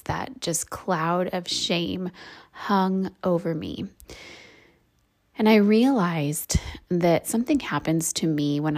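A woman in her thirties, a podcast host, telling a candid personal story for a devotional show, reflective, with soft laughs. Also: fairly low pitch, vocal fry.

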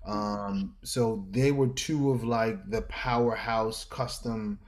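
A middle-aged man from Harlem with a New York accent, a fashion designer telling stories as an interview guest, slangy and animated, acting out the people in his stories. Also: lowish voice, slow pace. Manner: animated storyteller who acts out voices, slangy. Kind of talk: casual storytelling interview.

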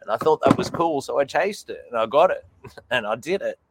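A man with an Australian accent, chatting loudly over whisky, laughing and swearing freely. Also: medium pitch, expressive, a little fast, slightly rough. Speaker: whisky guest. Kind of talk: casual chat over drinks.

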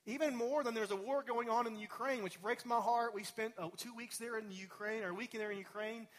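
A man's voice: very high voice, steady tone, fairly quick. A man preaching a sermon in a church, talking in a conversational, digressive way with personal asides. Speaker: pastor. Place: church sanctuary.

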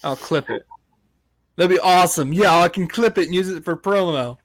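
A man's voice: high voice, normal speed. Man, young adult, podcast host, casual, playful, teasing. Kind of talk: casual interview.

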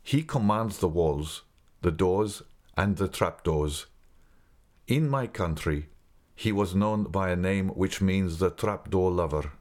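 A man voicing a grave, secretive older male guide who speaks slowly and mournfully. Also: low voice, darkish tone. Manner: slow, measured, mournful.

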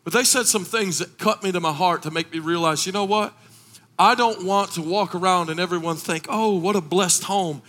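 A middle-aged man preaching a sermon as pastor, impassioned, rising into shouted, sung cadences. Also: high voice, a little fast.

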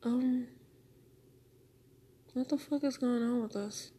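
A woman's voice: fairly high pitch, fairly even intonation, slow, warm tone, breathy edge. A woman podcasting alone, rambling and swearing as she questions and answers herself. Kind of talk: rambling solo monologue talking to herself.

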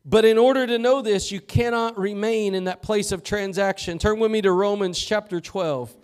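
A man preaching a sermon as pastor in a church, fervent and swinging from loud to hushed. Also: sits high, steady tone, normal speed, clear, resonant tone. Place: church sanctuary.

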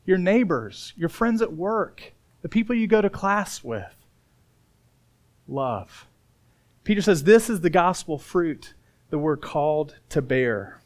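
Man preaching, somewhat high voice, middle-aged, from Indiana, lively storytelling, loud punches and soft asides. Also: slow pace, pauses often. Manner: storytelling, swings from loud emphasis to quiet earnest asides. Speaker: pastor. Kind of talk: sermon.

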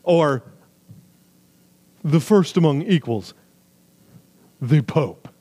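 A man preaching a sermon with emphatic, swinging delivery, loud high stresses falling to quiet low asides, with jokey remarks. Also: animated, extremely slow, breathy edge. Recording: long hall reverb.

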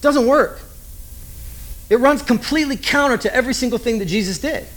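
A man's voice: very high voice, a little fast, fairly bright tone. A man preaching a sermon as a pastor, conversational and joking, throwing rhetorical questions at the congregation.

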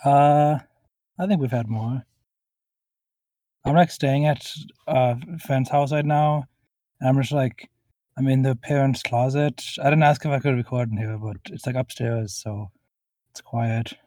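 A man's voice: medium pitch, steady tone, a little slow, long pauses, mellow, no echo, rough recording. A man co-hosting a casual podcast review, rambling and laid-back, recording in a closet at a friend's house over a call. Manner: laid-back, rambling, lots of likes and uhs. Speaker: podcast co-host. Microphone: remote call recording.

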